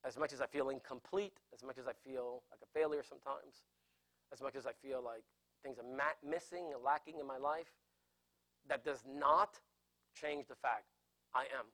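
A man's voice: mid-range voice, fairly even intonation, moderate pace, sharp tone. A man preaching a sermon, earnestly explaining scripture and repeating phrases for emphasis. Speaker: pastor. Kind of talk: sermon teaching.

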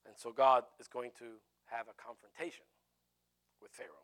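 A man preaching a sermon in an animated way, with jokey asides. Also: mid-range voice, moderate pace.

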